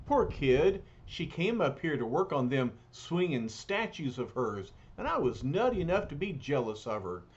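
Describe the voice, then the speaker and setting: A man voicing a gruff, hot-headed, jealous strongman who talks in tough street slang. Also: on the high side, very animated, normal speed, hardly any pauses. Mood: brash. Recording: dull lo-fi recording.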